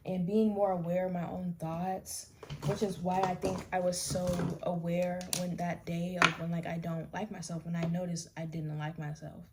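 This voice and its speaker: A woman's voice: on the low side, background noise. A young woman doing her makeup while telling her story in a candid, rambling chat, often restarting her sentences. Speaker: vlogger. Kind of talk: casual get-ready-with-me chat.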